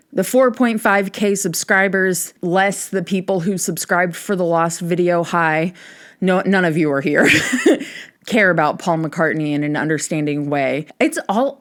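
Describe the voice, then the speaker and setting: A woman hosting her own video essay, talking in an impassioned, rambling way and swearing freely as she argues her point. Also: mid-range voice. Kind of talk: impassioned casual commentary.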